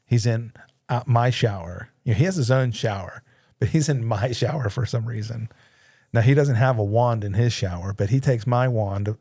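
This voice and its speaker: A man's voice: medium pitch, warm tone, no echo. A man in his thirties hosting a casual studio talk, telling a story with lots of laughter and acted-out voices. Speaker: podcast host. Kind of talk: casual conversation.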